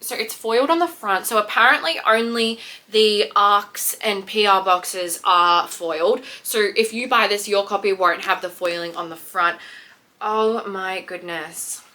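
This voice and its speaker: A young woman chatting excitedly to viewers as she unboxes a book parcel. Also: medium pitch, measured pace. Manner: gushing, excitable, talks to viewers. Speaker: book vlogger. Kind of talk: casual unboxing chat.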